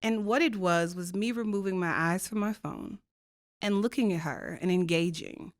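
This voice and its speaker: A woman's voice: lowish voice, normal speed, no echo. A woman speaking as a podcast guest, telling stories earnestly and emphatically, with rhetorical questions. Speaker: diversity co-chair and faculty guest. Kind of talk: reflective conversational storytelling.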